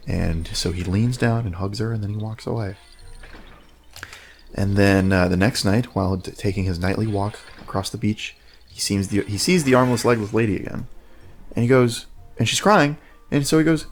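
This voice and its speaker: A man co-hosting a casual gaming video, chatting and telling a deadpan joke. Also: lowish voice, normal speed, faint music behind. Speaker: co-host.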